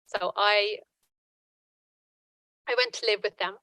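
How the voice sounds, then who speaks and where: A woman giving earnest personal testimony at a conference panel, halting with frequent restarts. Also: medium pitch, fairly even intonation, sharp tone, dry recording, poor audio.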